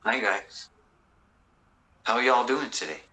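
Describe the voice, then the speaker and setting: A man's voice: medium pitch, takes it slowly, pushed and bright, low-quality recording. A man who is a guest on a casual livestream chat, joking around and telling corny jokes. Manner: jokey, tells corny jokes, laughs easily.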